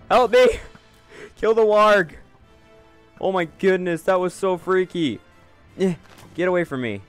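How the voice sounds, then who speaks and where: A man giving let's-play commentary on a video game, swinging from panicked yelling to calm, unhurried remarks. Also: high-pitched, soft background music. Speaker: gaming video creator.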